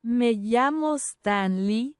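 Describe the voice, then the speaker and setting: A text-to-speech woman's voice reading a short phrase with an even, careful delivery. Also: a little high, slow, smooth, no room sound, studio quality.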